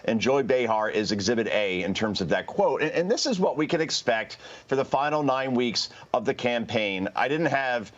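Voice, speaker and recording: A man giving sarcastic commentary as a guest on a cable news morning show, speaking in quick quips. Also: medium pitch, expressive. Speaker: political commentator. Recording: dull lo-fi audio.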